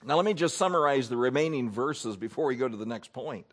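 A man preaching a sermon to a congregation, folksy and animated, swinging between loud bursts and soft asides. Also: mid-range voice, fast talker, hardly any pauses, slightly rough. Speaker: pastor.

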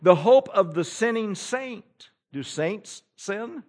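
A male preacher delivers his sermon with a slightly high, very lively voice. He swings between ringing exhortation and hushed pleading, and reads scripture in a measured, old-fashioned cadence. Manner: emphatic, rising and falling between loud exhortation and pleading hush.

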